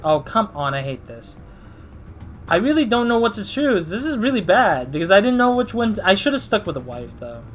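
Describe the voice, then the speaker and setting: A man's voice: sits high, very animated, brisk, soft background music. A man casually commentating a story game playthrough, rambling and thinking aloud. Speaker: gaming channel host.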